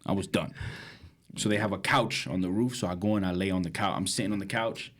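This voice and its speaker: A young man, co-hosting a podcast and telling a wild story in slangy casual chat, acting out quotes and laughing. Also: fast. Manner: animated, slangy, acts out quotes with big pitch jumps and laughter. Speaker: podcast co-host.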